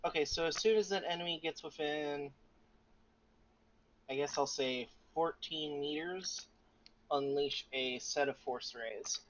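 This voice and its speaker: A man's voice: a little high, a little slow, a bit bright, lo-fi sound, a little hiss or hum. A man playing a tabletop game, asking careful questions about the rules. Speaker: player.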